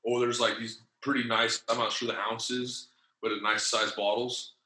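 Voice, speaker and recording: A man's voice: mid-range voice, level tone, moderate pace, sharp tone, reverberant, low-quality recording. A man telling a long story in casual, slangy, profane speech, full of fillers and acted-out lines of other people. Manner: acts out other people's lines in changed voices.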